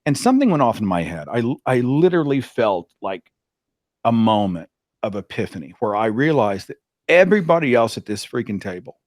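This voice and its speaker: A man telling a personal story in a dramatic, animated way, as a guest on an interview. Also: medium pitch, fairly quick, no echo, studio quality. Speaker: podcast host, guest. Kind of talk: anecdotal storytelling.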